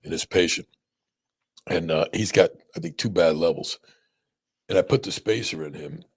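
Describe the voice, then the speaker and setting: A man hosting a casual podcast conversation as a spine surgeon, telling animated stories and often checking in with "right?". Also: low-pitched, normal speed, slightly rough. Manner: animated storyteller, many restarts and "right?" checks.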